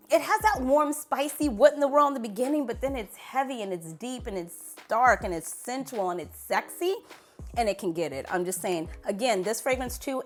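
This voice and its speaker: A woman in her thirties, a beauty vlogger, giving a playful, emphatic perfume review straight to camera. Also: fairly high pitch. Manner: animated, playful, emphatic repetition.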